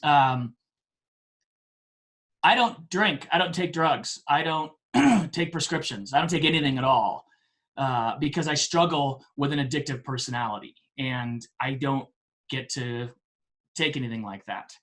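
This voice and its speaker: A man in his forties, a podcast guest telling a story in a casual, animated way, often laughing and poking fun at himself. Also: mid-range voice, a little slow. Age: 40s.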